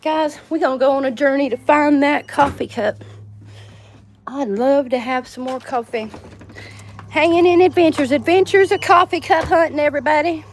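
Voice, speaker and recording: A middle-aged woman with a drawl talks to her phone camera in a loose, rambling way, laughing often. Her voice sits high. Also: normal speed, slight background noise. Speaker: vlogger. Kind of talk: casual livestream chat. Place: home and yard, outdoors at times.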